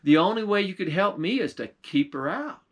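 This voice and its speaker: A man voicing an enchanted young woman turned into a talking cat, slow and resigned in her warnings. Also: high voice, lively intonation. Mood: mournful.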